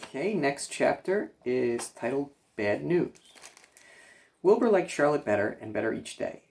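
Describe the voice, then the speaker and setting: Guy reading a kids chapter book, gentle storytelling, bit of gravel in his voice. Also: medium pitch. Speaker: children's librarian reader.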